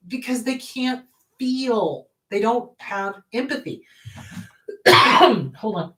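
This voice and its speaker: A woman's voice: fairly high pitch, slow, pauses often. A woman therapist hosting her show, answering a viewer's question in an emphatic way and acting out what parents say. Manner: animated and emphatic, acts out quoted parents.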